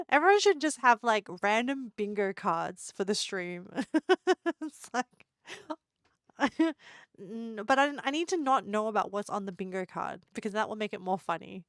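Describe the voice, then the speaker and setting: A woman's voice: medium pitch, animated, measured pace, no echo, studio quality. A woman live streamer chatting casually with her viewers, giggling a lot and playfully teasing them.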